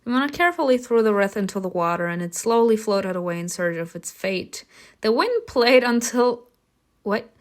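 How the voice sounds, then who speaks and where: A woman's voice: medium pitch, expressive, fairly quick, few pauses. Woman reading a story game aloud. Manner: reads narration evenly, bursts into loud laughing outbursts; swears casually in reactions. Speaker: streamer reacting to a story game.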